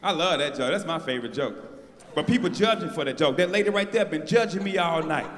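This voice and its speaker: Guy doing stand-up, high bright voice, big echoey hall, faint crowd noise. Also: quick pace. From North Carolina, USA. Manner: loud, animated storytelling, talking to the crowd. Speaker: stand-up comedian. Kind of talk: stand-up comedy set. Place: stage of a live comedy show. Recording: echoey venue with long reverb.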